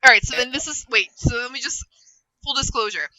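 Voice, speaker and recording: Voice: mid-range voice, fairly quick, pushed and bright, rough recording. A player in a casual tabletop game, joking and laughing often.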